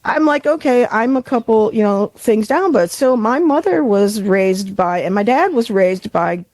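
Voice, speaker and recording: Brief: woman from Buffalo, podcast co-host, higher voice, rambling storyteller who swears a lot, dry close sound. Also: animated, measured pace, a little mellow, dry recording. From Buffalo, New York. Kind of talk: casual chat.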